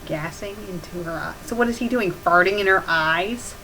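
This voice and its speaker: A woman's voice: on the low side, moderate pace, bright, forceful tone, slight background noise, rough recording. A woman hosting a comedic review, reading bad fan fiction aloud and mocking it with sarcastic asides.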